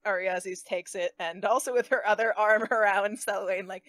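A woman's voice: mid-range voice, steady tone, moderate pace, a bit bright, dry recording. A woman playing a tabletop game, playful and giggly. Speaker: player. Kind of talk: casual tabletop play.

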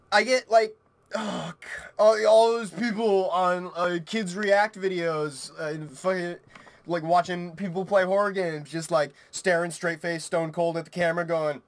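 A young man commentating a horror game let's play, panicky and swearing, swinging between shouts and hushed muttering. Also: sits high. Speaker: gaming YouTuber.

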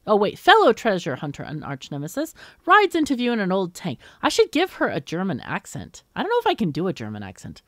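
A woman's voice: mid-range voice, wildly swooping pitch, brisk, hardly any pauses, no echo, clean studio sound. A woman hosting a let's play, thinking aloud as she works through a puzzle game, muttering and exclaiming. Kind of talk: thinking aloud while gaming.

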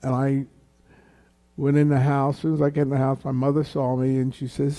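A man sharing a personal testimony at a church question-and-answer session, unhurried and storytelling. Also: completely flat delivery, warm tone. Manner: slow, unhurried storytelling that raises the pitch for quoted voices. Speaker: guest speaker at a church Q&A.

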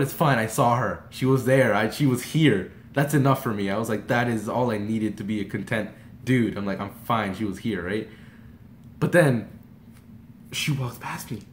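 A young man from Texas tells a story-time vlog in a rambling, animated way, full of "like" and false starts. His voice sits at an ordinary middle pitch. The room is roomy and echoey, with a faint hiss underneath. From Texas, USA. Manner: rambling and animated, heavy use of "like", frequent restarts. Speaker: vlogger. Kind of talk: excited story-time retelling.

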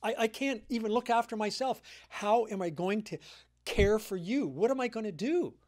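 A man voicing a grieving older widow who pleads haltingly with her daughters-in-law, told within a sermon. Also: high-pitched, lively intonation, a little mellow. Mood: pleading.

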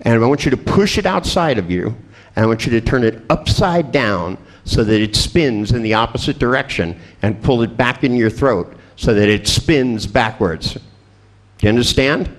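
A man leading a live workshop demonstration with a volunteer, joking, profane and irreverent as he coaches with quick instructions. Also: medium pitch, animated. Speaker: seminar trainer.

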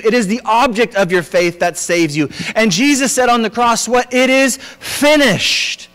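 The sanctuary gives this pastor's high, fairly bright voice a long reverb tail as he preaches an earnest sermon. Now and then he restarts a sentence or fills a pause.

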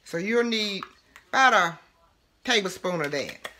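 A woman's voice: mid-range voice, animated, sharp tone, slight background noise. A woman from Alabama with a Southern accent, hosting a homey, chatty cooking demonstration. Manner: homey, chatty, drawn-out words. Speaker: cooking show host.

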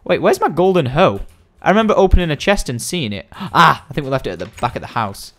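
A young man narrating his own gameplay in a quick, rambling, excitable way. His voice sits a little high and jumps around a lot, coaxing one moment and shouting the next. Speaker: gaming video host. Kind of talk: let's-play commentary.

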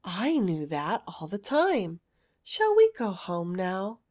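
A woman voicing a playful little fairy princess girl while reading a storybook aloud, her lines bright and teasing. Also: mid-range voice, wildly swooping pitch, slow pace. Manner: bright, surprised, grave in turns.

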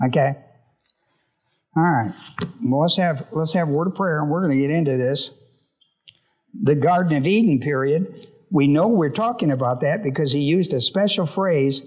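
Male pastor, slightly high voice, Bible study sermon; reads a verse, then pauses to quiz the congregation. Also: expressive, a little mellow. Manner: reads scripture and breaks off with questions to the congregation.

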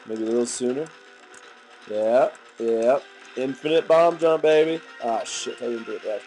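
A man's voice: mid-range voice, moderate pace, warm tone, slight background noise, poor audio. Goofy young man with a gunky throat. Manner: goofy, silly outbursts and running jokes. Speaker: let's play commentator. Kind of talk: gaming commentary.

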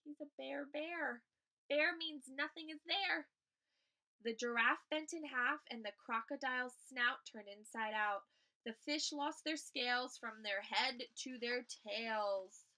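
Woman, children's book read-aloud, expressive, high-pitched, bright tone. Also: unhurried, low-quality recording. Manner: expressive, acting out animal voices. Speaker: teacher reading a picture book.

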